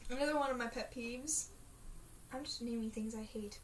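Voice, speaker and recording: A woman's voice: on the high side, a little slow, long pauses. A teenage girl chatting in a casual video diary, rambling and dramatic, full of fillers. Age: teens. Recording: faint hiss, mic a bit distant.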